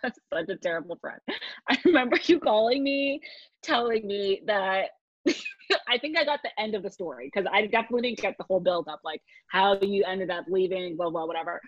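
A woman's voice: medium pitch, lively intonation, brisk, dry recording. A woman chatting casually with a friend, laughing often as she reacts. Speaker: friend of the storyteller. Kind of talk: casual chat. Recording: dull, dry sound.

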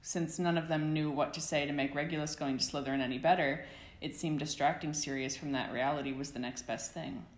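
Casting: woman narrator, deep voice, echoey room, steady audiobook read. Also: a little fast. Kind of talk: fan fiction reading.

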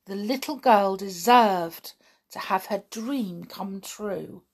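A woman narrating a children's story aloud, expressive, with dramatic pauses. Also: mid-range voice, husky. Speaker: audiobook narrator.

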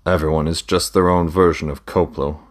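A middle-aged trader and father, earnest and proud, talks business in a measured, matter-of-fact way, as a man reads him in an audiobook. His voice sits very low and deep. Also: fairly even intonation. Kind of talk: audiobook reading.

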